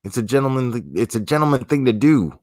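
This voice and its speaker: A man's voice: mid-range voice, lively intonation, a little fast, a little mellow, no room sound, studio quality. A man hosting a livestream, chatting casually with viewers in a profane, slangy, laid-back way. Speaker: livestream host.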